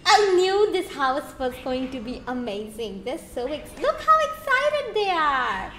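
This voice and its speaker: A young woman streamer gives playful, teasing commentary with sudden excited exclamations. Her high, bright voice swings widely in pitch at a relaxed pace. The sound is roomy, with a faint hum of ambience behind her. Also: a little slow. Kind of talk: casual gameplay commentary.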